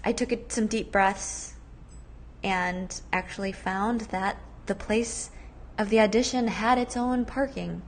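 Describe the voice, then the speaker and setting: In a mid-range voice and at a slow pace, a thirtysomething woman hosting a podcast tells a personal story, chatty and animated, with lots of fillers. A slight background noise is audible.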